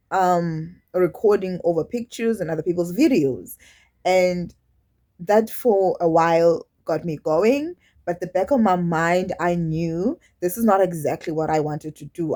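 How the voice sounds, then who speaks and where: A woman speaks straight to her camera in a personal vlog, her voice sitting a little low. She talks candidly and haltingly, restarting sentences and slipping into quoted asides as she goes. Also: mellow. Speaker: YouTube vlogger.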